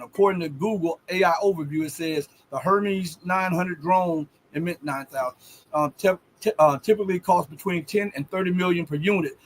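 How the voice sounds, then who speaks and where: A man hosting a live stream, reading out chat questions in a measured way with many fillers. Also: a little high. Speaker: host.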